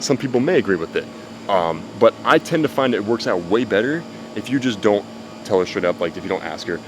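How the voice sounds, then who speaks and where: A man's voice: on the low side, lively intonation, brisk, background noise. A man giving blunt, profane dating advice in casual talk to camera, outdoors. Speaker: dating coach. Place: outdoors with cicadas. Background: faint cicadas.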